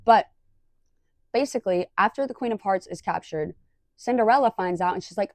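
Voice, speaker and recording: Brief: young woman vlogger, slightly high voice, blunt and exasperated, swears freely, close dry mic. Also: moderate pace, darkish tone, no room sound. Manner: exasperated, swears a lot, rambling restarts. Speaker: vlogger reviewing a movie. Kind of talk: casual ranting review.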